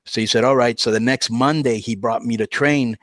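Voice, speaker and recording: A man spinning a long story on a podcast in an easy, animated way, dropping into the voices of the people he quotes. His voice sits at a middle pitch. The sound is close and dry, with no room around it. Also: fairly quick, no echo. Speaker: podcast guest. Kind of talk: casual storytelling.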